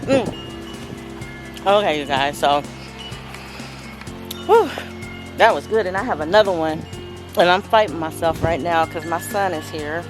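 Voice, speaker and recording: A middle-aged Southern California homesteading vlogger chats from her backyard garden into a handheld phone, calling her viewers "you guys" and savoring what she tastes. Her lowish voice is measured and full of pauses, heard over music.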